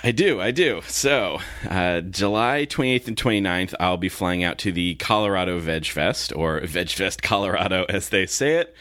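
A man co-hosting a podcast in casual chat, relaxed and chatty, sounding freshly woken with a morning voice. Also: low voice, moderate pace, hardly any pauses, dry recording, clean studio sound. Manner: relaxed, chatty, laughs easily. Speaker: podcast co-host.

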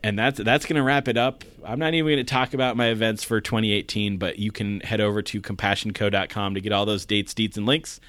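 A man's voice: fairly low pitch, fairly even intonation, fast talker, hardly any pauses, a bit bright. A man co-hosting a podcast in casual chat, joking and laughing often. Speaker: podcast co-host.

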